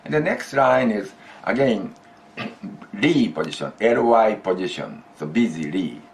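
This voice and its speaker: Male teacher; slow, lively-pitched drill delivery, repeats each phrase. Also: vocal fry, a little hiss or hum. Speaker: Japanese language teacher. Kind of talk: classroom grammar lesson.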